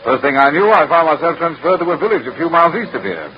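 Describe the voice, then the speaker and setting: An actor playing a breezy, jovial young Australian army lieutenant with an Australian accent and slangy talk in an old radio drama. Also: male voice, a little high, expressive, quick pace, natural voice. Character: cheery Australian light horse lieutenant, young man. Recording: dull old radio recording with faint hiss.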